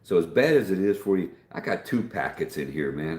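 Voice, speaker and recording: A man's voice: deep voice, very animated, brisk, darkish tone, reverberant, slight background noise. A man hosting a casual livestream, chatting folksily and reading out viewer comments, calling everyone man or dude. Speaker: livestream host.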